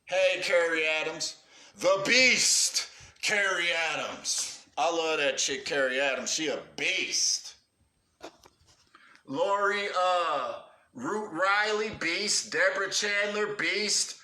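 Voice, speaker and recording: A man's voice: on the high side, takes it slowly, pushed and bright, roomy sound. A man ranting on a livestream with profane urgency, calling out cowards and praising his viewers. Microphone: livestream setup.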